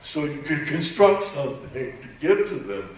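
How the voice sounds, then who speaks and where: An older man, slightly higher-pitched than most, spins loose anecdotes on a convention panel, acting out bits of quoted dialogue as he goes. His voice booms around a very echoey hall and sounds distant from the microphone. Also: moderate pace. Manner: animated, acts out quoted dialogue, rambling restarts. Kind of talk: anecdotal storytelling to a live audience.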